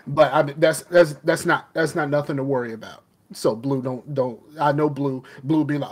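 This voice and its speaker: A man's voice: mid-range voice, normal speed, hardly any pauses, breathy edge. A man hosting a podcast in loose, rambling casual chat, laughing often as he talks. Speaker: podcast host.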